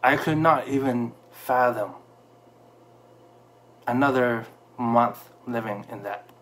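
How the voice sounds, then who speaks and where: A man's voice: medium pitch, takes it slowly, fairly bright tone. A man telling an emotional personal story in a candid, heartfelt way, with frequent fillers and restarts. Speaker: storyteller sharing a personal experience.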